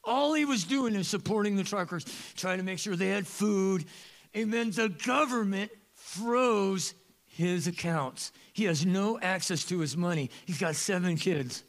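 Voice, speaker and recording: A man preaching a sermon as pastor of a church, animated and joking, with sudden loud bursts. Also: high voice, measured pace, creaky. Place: church sanctuary.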